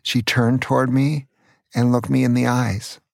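A man in his sixties from California, a grandfather gently and earnestly telling stories from his childhood on his own podcast. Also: mid-range voice, level tone, creaky, no room sound, clean studio sound. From California, USA. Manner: earnest, gentle, slow storytelling. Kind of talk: storytelling memoir.

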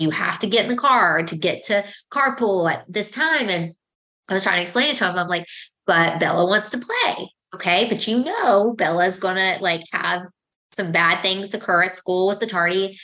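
A woman's voice: fairly low pitch, pushed and bright. A woman in her thirties hosting a podcast, chatting casually and acting out exchanges with her kids. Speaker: podcast host. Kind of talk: casual chat.

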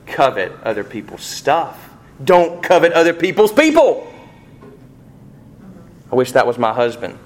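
Middle-aged male pastor, animated preacher, big pitch swings, rhetorical questions. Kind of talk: sermon.

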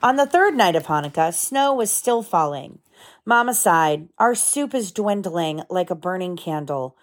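A woman's voice: fairly low pitch, lively intonation, unhurried. A woman in her thirties reading a picture book aloud to her children at home, stopping to explain the story in plain words.

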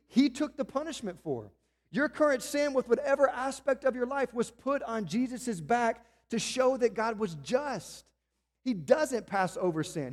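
High-voiced preacher in a reverberant hall. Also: male voice, darkish tone. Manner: earnest, emphatic preaching with rhetorical questions. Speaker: pastor. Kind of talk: sermon.

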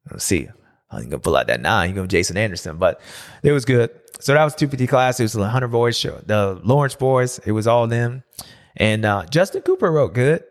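A man who once raced, hosting a casual race recap, talking loosely and slipping into high mocking voices when he quotes riders. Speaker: podcast host and former racer.

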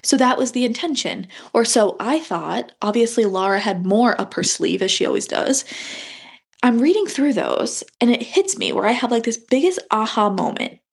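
A young adult woman hosting a spiritual podcast, talking in an animated, chatty way and often breaking off to yawn. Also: a little high, moderate pace, creaky, husky. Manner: animated, chatty, frequent yawns and gasps. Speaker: podcast host. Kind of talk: casual spiritual podcast monologue.

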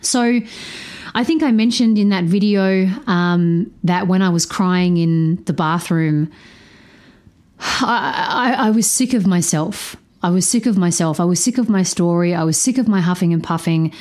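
A woman hosting a podcast, telling a personal story candidly, swearing freely and shifting her pace, sounding low on energy. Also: measured pace. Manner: animated, changes pace often. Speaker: podcast host.

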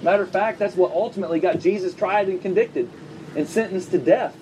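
A male pastor preaching a sermon to his congregation in a church, speaking in a conversational way with quick asides and humor. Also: high voice, a little mellow, distant mic, slight background noise, low-quality recording. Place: church service before a congregation.

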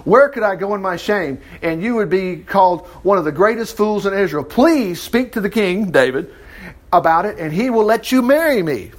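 A man voicing a desperate young princess who pleads in a raised, high voice as he retells a scripture story. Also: animated, moderate pace, lightly acted. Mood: pleading.

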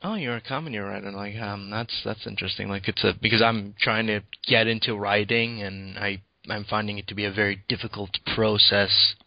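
A man's voice: on the low side, steady tone, fairly quick, creaky, few pauses, no echo, lo-fi sound. A man interviewing a guest casually, hesitant and full of ums.

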